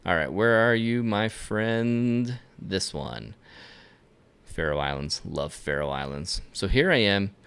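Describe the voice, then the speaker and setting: A man hosting a live-stream photography tutorial, talking straight to viewers with energy and quick asides to himself. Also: lowish voice, creaky, clean tone. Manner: energetic, talks to viewers directly with self-directed asides. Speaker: photography instructor. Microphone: camera lens mic, at a desk facing the camera.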